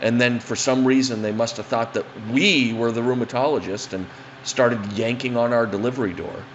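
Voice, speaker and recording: A man's voice: mid-range voice, fairly even intonation, normal speed, dull audio, a little hiss or hum. A man telling a funny anecdote in a rambling, profane, casual way. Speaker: storyteller.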